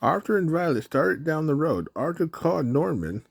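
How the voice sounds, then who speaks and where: A man reading a children's book aloud in a sing-song, storytelling way. His voice carries a gravelly grain and moves up and down a lot. The sound is dry and close to the mic. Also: a little high, very animated, moderate pace, few pauses, no room sound. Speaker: storybook reader.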